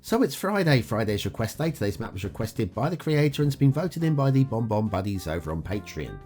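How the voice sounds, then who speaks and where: A man's voice: medium pitch, big pitch swings, a little fast, a little mellow. A man hosting a game review show, talking through gameplay in an upbeat, chatty way with frequent "uh" fillers. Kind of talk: casual gameplay commentary. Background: faint guitar music.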